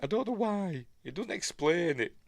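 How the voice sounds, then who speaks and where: A man's voice: sits high, lively intonation, normal speed, creaky, no echo. A man with a Yorkshire accent giving a casual film review, rambling and muttering asides to himself. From Yorkshire, England.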